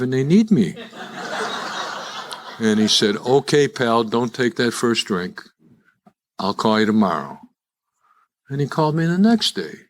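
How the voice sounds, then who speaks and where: An older man, speaking to a live audience as a recovery speaker, telling his own story with self-deprecating humor and frequent restarts. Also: medium pitch. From Chicago. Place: live event before an audience.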